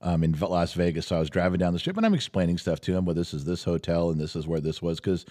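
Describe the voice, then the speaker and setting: A middle-aged man hosting a podcast, telling a story in casual chat with animated, exasperated delivery. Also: deep voice, fast. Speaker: podcast host. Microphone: studio podcast mic.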